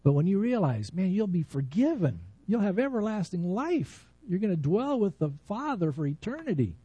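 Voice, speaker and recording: A man's voice: sits high, big pitch swings, moderate pace, mellow, husky, dry recording, muffled recording. A man preaching an earnest, conversational sermon, then leading a prayer. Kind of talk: sermon with altar call and prayer.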